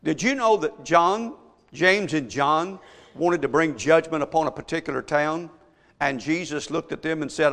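A man delivers an emphatic sermon from the pulpit, his voice sitting high for a man. He presses his points with strings of rhetorical questions. The sound carries a long church-hall reverb. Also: normal speed, creaky, fairly bright tone. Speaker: pastor.

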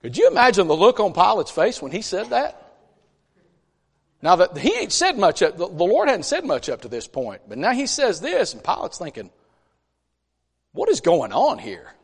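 A man preaching a conversational sermon in a church, folksy and animated, with chatty asides between scripture readings. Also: sits high, normal speed, creaky, breathy edge. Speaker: pastor. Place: church sanctuary. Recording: long church reverb.

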